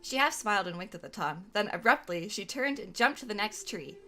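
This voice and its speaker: A woman's voice: mid-range voice, animated, brisk, sharp tone, soft background music. A young woman from Canada playfully reading aloud her own old role-play narration.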